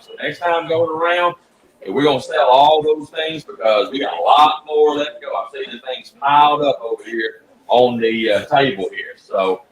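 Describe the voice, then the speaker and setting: A man hosting a live radio auction, reading out bids in a steady, plain way. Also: fairly high pitch, roomy sound, rough recording. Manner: steady, plain, with frequent uh fillers.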